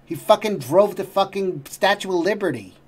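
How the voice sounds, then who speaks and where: Middle-aged male reaction host, exasperated and foul-mouthed, slightly raised pitch. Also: lively intonation, normal speed. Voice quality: swears constantly, exasperated. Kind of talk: profane ranting commentary.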